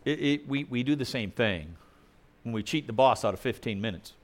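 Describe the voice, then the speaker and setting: A man's voice: medium pitch, expressive, moderate pace. A male preacher giving a sermon in a conversational way, putting questions to the congregation.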